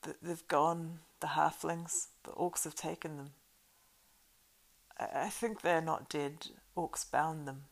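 A dying, wounded warrior gets out a few faltering, stammered words, voiced by a woman reading a storybook. The voice is low and gravelly. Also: fairly even intonation, takes it slowly, full character voice. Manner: faltering, stammering weak speech.

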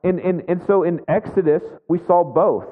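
A man's voice: high voice, moderate pace. Conversational male pastor in a reverberant hall. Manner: conversational, frequent "right?" asides. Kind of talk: sermon with personal story. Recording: phone-like audio with long hall reverb.

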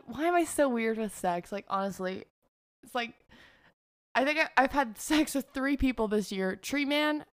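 A woman's voice: fairly high pitch, a bit bright, clear, resonant tone, no room sound. Young woman, vlogger, raised voice, dry close sound; blunt, sweary, giggly confessional storyteller. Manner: frank and profane, laughing often.

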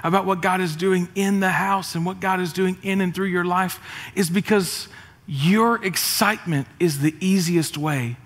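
A middle-aged man, preaching a sermon with jokes and energetic, rising emphasis. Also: high-pitched, moderate pace. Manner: energetic, joking, rising to shouts. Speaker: pastor. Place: church auditorium. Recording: reverberant church hall.

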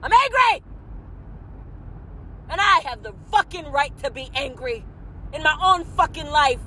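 High-voiced woman ranting, cursing, yelling now and then, faint car noise behind. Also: lively intonation, moderate pace, low-quality recording. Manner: profane, shouting in bursts, rambling. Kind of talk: angry venting vlog.

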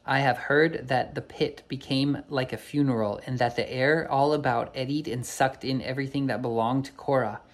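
A man's voice: mid-range voice, steady tone, moderate pace, few pauses, lightly acted. A man reading the part of a bold male hero on a quest in a storybook, formal and earnest.

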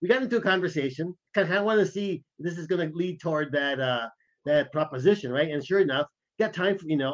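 A man with a slightly raised voice co-hosts a podcast and tells anecdotes in a lively, casual way. He acts out the voices of the people in his stories, and the recording sounds dull and lo-fi. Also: fairly high pitch, fast talker. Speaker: podcast co-host. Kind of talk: casual storytelling chat.

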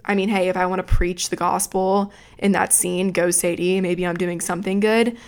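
A woman's voice: fairly low pitch, flat delivery, moderate pace. A young adult woman hosting a podcast, telling a story in a rambling, profane, self-mocking way from a room at home. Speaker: podcast host. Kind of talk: casual storytelling.

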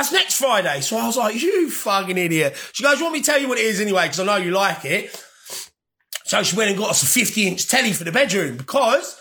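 A man's voice: high voice, sharp tone. A young man chatting casually to his viewers, rambling and swearing, laughing often. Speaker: vlogger.

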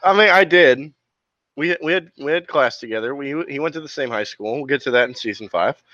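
A young man co-hosting a podcast in casual chat, tossing in quick asides and laughing loudly. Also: medium pitch, expressive, no echo, lo-fi sound. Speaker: podcast co-host.

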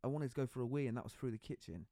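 Fast-talking man hosting a podcast. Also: medium pitch, lively intonation, warm tone, no echo, clean studio sound. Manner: open and confiding, acts out quoted dialogue. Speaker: podcast host. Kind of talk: casual podcast conversation.

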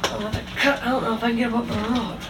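A chatty woman swears and mutters to herself as she cooks in a home kitchen. Her voice sits a little high and back from the mic. Loud kitchen clatter runs under everything she says. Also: little pitch movement, rapid-fire, roomy sound, recorded from a distance, very noisy. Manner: chatty, swears, talks to herself while working. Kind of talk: casual chat while cooking.

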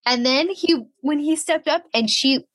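A woman's voice: high voice, unhurried, no room sound. A young woman co-hosting a podcast, chatting casually and animatedly about a reality show, laughing often and saying "like" a lot. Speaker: podcast co-host.

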